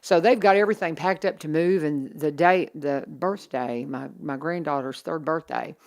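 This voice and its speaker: A woman, hosting a casual morning radio chat in a chatty, animated way. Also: low-pitched. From Kentucky Lake region. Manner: chatty and animated, quick asides. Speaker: radio host.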